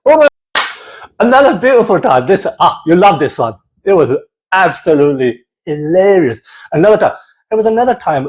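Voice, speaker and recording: Guy doing a rambling comic story, high voice, very lively. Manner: animated, digressive storytelling with exclamations. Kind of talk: comic monologue.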